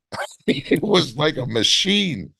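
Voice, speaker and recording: A man, a former wrestler as interview guest, telling animated stories with blunt profanity. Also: fairly high pitch, takes it slowly, gravelly, husky. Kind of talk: casual storytelling interview.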